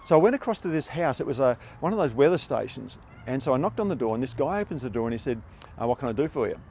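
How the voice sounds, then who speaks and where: Older man, Australian accent, casual storytelling, wry and relaxed, mid pitch. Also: fast talker, slight background noise.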